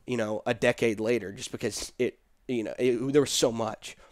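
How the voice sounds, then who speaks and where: A middle-aged man telling a personal story in casual conversation, animated and quoting the people in it. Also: mid-range voice, normal speed, dry recording, clean studio sound. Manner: animated, quotes people in his story, laughs between. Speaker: guest telling his story.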